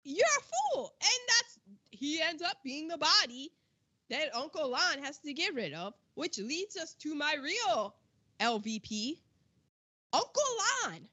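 High, lively woman ranting about a movie. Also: measured pace, lo-fi sound. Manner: animated, exclamatory storytelling with slang. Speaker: podcast co-host. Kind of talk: casual film discussion.

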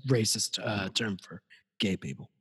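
Joking, animated man with a husky voice. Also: fairly low pitch, measured pace. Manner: animated, joking, reads out comments. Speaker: podcast co-host. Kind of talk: casual chat. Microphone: video call.

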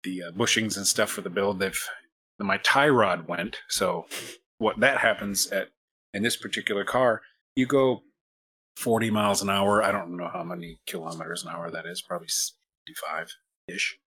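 Podcast host, American man, low voice, rambling self-deprecating anecdotes. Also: steady tone, normal speed, pushed and bright, slightly rough. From United States. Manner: rambling, self-mocking anecdotes with many restarts. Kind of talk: casual storytelling chat.

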